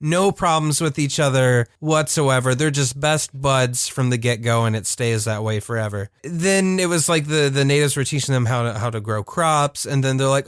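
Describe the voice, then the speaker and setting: A man's voice: mid-range voice, normal speed, few pauses, smooth, no room sound. Laughing, rambling man with a dry, close sound. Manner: rambling, animated, laughing often. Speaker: podcast co-host. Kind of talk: casual chat reviewing a cartoon.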